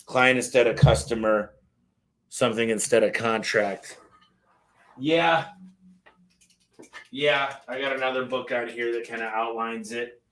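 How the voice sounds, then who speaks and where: A man's voice: mid-range voice, a bit bright. A man hosting a casual live question-and-answer stream, talking loosely and reading lists aloud.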